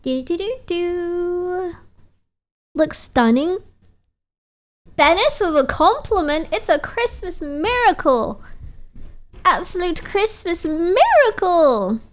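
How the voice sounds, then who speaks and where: High-voiced, unhurried, playful woman streamer. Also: expressive. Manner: playful, teasing, chatty. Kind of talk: casual chat reading out viewer messages.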